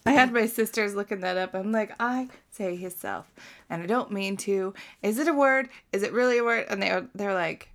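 A woman's voice: mid-range voice, normal speed. A young adult woman co-hosting a podcast, telling stories casually with swearing and laughter. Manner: storytelling, profane and laughing. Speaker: podcast co-host. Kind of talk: casual chat.

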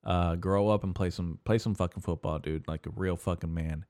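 A man with a lowish, smooth voice, recorded dry and close, hosting a casual solo podcast rant. He rambles and swears constantly, with plenty of "uh"s and restarts. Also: fairly even intonation, normal speed, a little mellow, no room sound. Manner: profane, rambling, heavy swearing; filler-heavy, restarts often. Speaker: podcast host.

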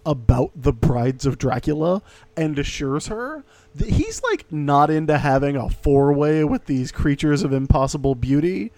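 A man co-hosting a casual movie podcast, wry and profane, building up to loud punchlines. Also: a little high, expressive, a little slow, dry recording. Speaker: podcast co-host.

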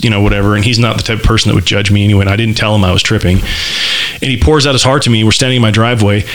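A man casually telling a personal story in conversation, candid and loose, with lots of fillers and restarts. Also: lowish voice. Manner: vivid, animated description.

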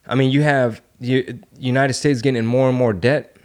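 A man's voice: mid-range voice, fairly even intonation, a little fast, darkish tone. A man hosting a podcast, talking bluntly and heatedly with lots of swearing and rhetorical questions. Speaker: podcast host. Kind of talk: casual opinionated chat.

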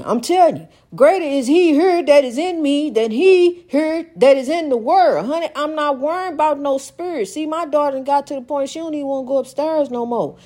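High-voiced older woman preaching encouragement. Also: a little mellow. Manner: preachy, exhorting, calls listener honey; rambling, repeats phrases. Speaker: vlogger. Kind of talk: spiritual pep talk.

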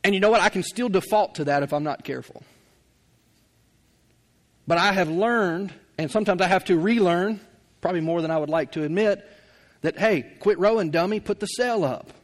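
A middle-aged pastor with a drawl preaches in a high, easygoing voice at normal speed. Folksy and conversational, he addresses the congregation like friends and laughs frequently.

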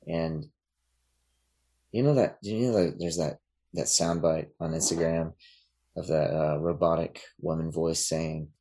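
A man talking as a podcast guest in casual chat, relaxed and rambling, with many fillers and restarts. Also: very deep voice, unhurried, long pauses.

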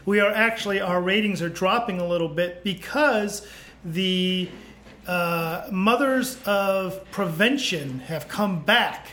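High-voiced joking male podcast host. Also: slow, pushed and bright. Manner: joking, bawdy, loose. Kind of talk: casual podcast chat and sponsor reads.

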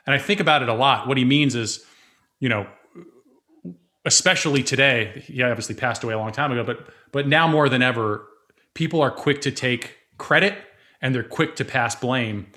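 A man's voice: mid-range voice, moderate pace, bright, forceful tone. A man hosting an interview, thinking aloud about an idea before asking his guest a question. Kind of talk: reflective conversation.

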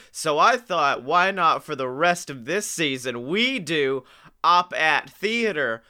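A man's voice: a little high, pushed and bright, clear, resonant tone. A tired young man co-hosting a podcast, rambling and jokey with casual swearing. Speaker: podcast co-host. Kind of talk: casual chat.

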